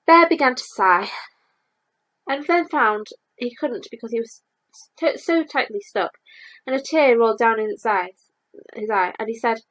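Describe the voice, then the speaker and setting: A woman reading a children's storybook aloud, lively and expressive. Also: fairly high pitch, measured pace, poor audio.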